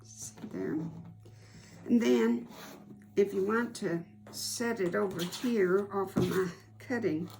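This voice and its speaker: A woman giving an unhurried, homey step-by-step sewing tutorial as a quilting instructor. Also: mid-range voice, gravelly, darkish tone, a little hiss or hum.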